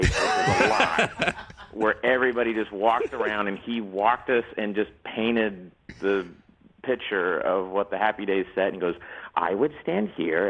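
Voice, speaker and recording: A man in his forties, a guest on a talk show, telling lively stories and laughing often. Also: fairly low pitch, lo-fi sound. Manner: animated storyteller, laughs often, slips into quoted voices. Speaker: actor and guest. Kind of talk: casual interview chat.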